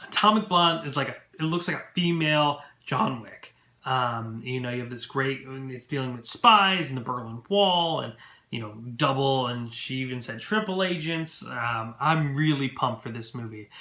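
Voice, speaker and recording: Man, movie vlogger, casual recap, excitable, lots of ums, bright tense voice, echoey room. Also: mid-range voice, normal speed. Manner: chatty and excitable, many fillers. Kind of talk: casual event recap to camera.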